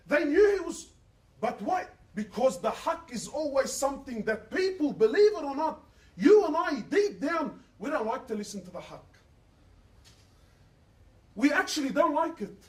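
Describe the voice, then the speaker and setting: A man's voice: extremely high pitch, reverberant, recorded from a distance. A man, preaching an emotional sermon and asking his listeners rhetorical questions. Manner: impassioned, quotes others in dialogue, asks rhetorical questions. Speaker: Islamic preacher.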